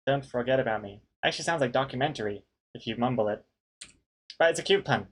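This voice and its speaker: A man chatting casually on a live stream, reading viewer suggestions aloud one by one. He jokes about each one and laughs between them. His pitch sits in the middle for a man. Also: expressive, fast talker, husky. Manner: jokey, reads names aloud, laughs often.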